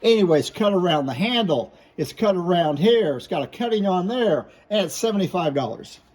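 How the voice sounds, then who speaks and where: A man's voice: sits high, animated, normal speed, a little mellow. A man showing glass pieces for sale, listing names, flaws and prices in a plain, matter-of-fact way. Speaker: glass seller. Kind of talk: product showcase sales talk.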